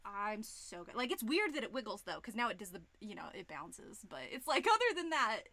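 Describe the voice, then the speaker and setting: A woman in her thirties chatting on a live stream, gushing and excitable, swearing freely. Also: medium pitch, a little fast, no echo. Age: 30s. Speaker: streamer and digital artist. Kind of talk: casual live-stream chat. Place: home studio room.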